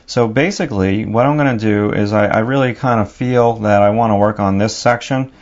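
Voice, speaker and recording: A man's voice: lowish voice, a little fast, a little mellow, dull audio. A man with a New York accent narrating a drawing lesson, talking casually and thinking aloud as he works. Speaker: drawing teacher.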